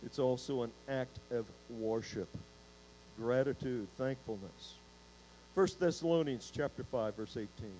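A man's voice: medium pitch, unhurried, dark tone, slight background noise, poor audio. A man preaching a sermon in church, restarting words and putting questions to the congregation. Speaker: pastor.

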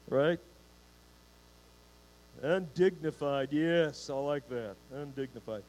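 In a church, a male pastor delivers a sermon in a mellow, somewhat high voice, often repeating words as he restarts and putting questions to the congregation. He goes slowly with frequent pauses, and the recording quality is low.

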